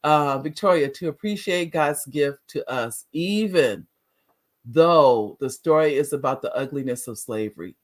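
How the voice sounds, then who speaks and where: A woman's voice: low voice, measured pace. A middle-aged woman hosting a casual live talk show, chatting with viewers, restarting sentences and laughing often. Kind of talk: casual live-stream chat reading viewer comments.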